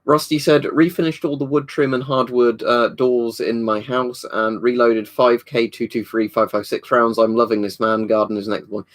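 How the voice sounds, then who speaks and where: A man's voice: mid-range voice, flat delivery, moderate pace, hardly any pauses. A man hosting a casual livestream, rambling easily as he reads out viewers' comments and answers them from a room at home. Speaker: livestream host. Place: indoor storage room at home.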